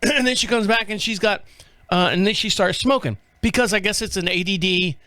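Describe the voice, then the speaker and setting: High-voiced man hosting a rambling podcast. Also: fairly quick, bright, forceful tone, dry recording. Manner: rambling, off-the-cuff, swears freely. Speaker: podcast host. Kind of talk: casual commentary.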